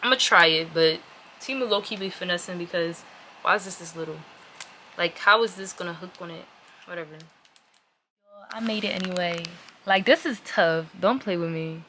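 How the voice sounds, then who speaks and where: A woman vlogger casually chatting to her viewers as she unboxes items, getting easily excited. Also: lowish voice, brisk. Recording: noisy room with packaging crinkles.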